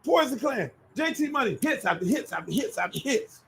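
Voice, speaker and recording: A middle-aged man hosting his own show, telling casual stories in an animated, profane way. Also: very high-pitched, normal speed, gravelly, background noise. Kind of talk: casual storytelling.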